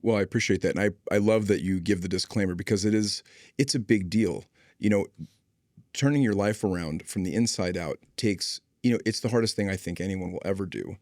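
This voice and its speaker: A man hosting a podcast, telling a relaxed and wry anecdote in a casual conversational manner. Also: deep voice, fairly quick, no echo, clean studio sound. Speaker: podcast host.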